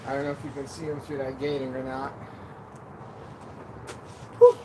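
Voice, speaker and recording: A man's voice: mid-range voice, little pitch movement, normal speed. A man chatting casually and joking on a live stream from an outdoor deck, sometimes a little out of breath. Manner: chatty, joking, self-deprecating. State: out of breath at times. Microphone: camera on a stand. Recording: outdoor noise behind the voice. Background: birds and wind.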